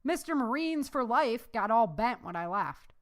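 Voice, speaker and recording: A woman's voice: fairly high pitch, very animated, moderate pace, voice pushed up. A woman voicing a sarcastic, jesting male ex-Marine in a storybook reading. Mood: wry jesting. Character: wry, sarcastic male ex-Marine security man.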